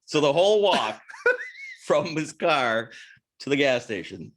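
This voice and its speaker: A man's voice: a little high, big pitch swings, slow, a bit bright. A man co-hosting a casual podcast, telling a crude, rambling anecdote with many restarts. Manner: rambling, self-interrupting storyteller with crude humor. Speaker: podcast co-host. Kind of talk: casual storytelling chat.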